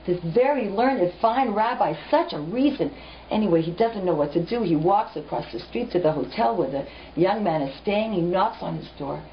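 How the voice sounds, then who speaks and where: A woman's voice: mid-range voice, moderate pace. Lady teaching a class with stories, dull lo-fi audio, bit of background noise. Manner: animated, direct, storytelling. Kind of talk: storytelling lecture. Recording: muffled lo-fi recording.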